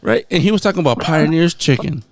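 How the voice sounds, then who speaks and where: A man hosts a podcast and tells a rowdy, profane story, switching into Spanish slang. His fairly high, gravelly voice swings widely in pitch. The recording is close and dry. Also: sing-song, moderate pace, dry recording. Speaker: podcast host. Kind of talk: casual chat, telling a drunk story.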